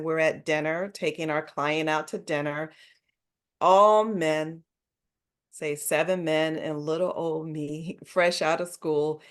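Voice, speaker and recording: Expressive woman telling stories in a low voice. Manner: animated, emphatic storyteller who laughs often. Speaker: guest. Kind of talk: conversational interview storytelling.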